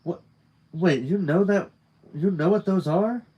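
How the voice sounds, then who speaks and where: Man voicing nervous young woman student, earnest, halting, mid-pitched voice. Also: muffled recording, lightly acted. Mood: surprised. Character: anxious apologetic young female student.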